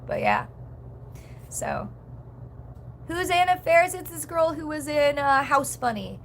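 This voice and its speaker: A woman's voice: high-pitched, big pitch swings, a little slow, a bit bright, slight background noise. A young woman chatting casually on a livestream, rambling with lots of "like" and "um" and reading chat comments aloud.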